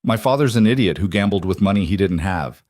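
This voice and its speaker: A man's voice: fairly low pitch, lively intonation, fairly quick, a little mellow, no room sound, studio quality, natural voice. A man voicing a defiant, angry young woman who talks back sharply.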